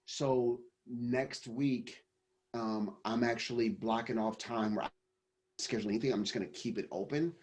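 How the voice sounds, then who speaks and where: A business coach talks casually in an interview, rambling and restarting his sentences. He is a man with an ordinary middle pitch. His talk is relaxed and loose. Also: normal speed. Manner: rambling, many restarts and fillers. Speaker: business coach and company founder.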